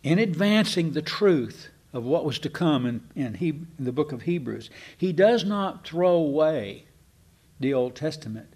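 A man giving a folksy, digressive Bible teaching to a congregation, slowing down to stress key words. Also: on the high side, expressive, a little mellow, slightly rough. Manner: folksy and digressive, slows down for emphasis. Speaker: preacher.

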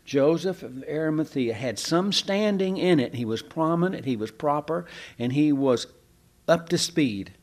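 A man's voice: fairly high pitch, animated, measured pace. A pastor preaching a sermon in a folksy, conversational way, asking his listeners questions.

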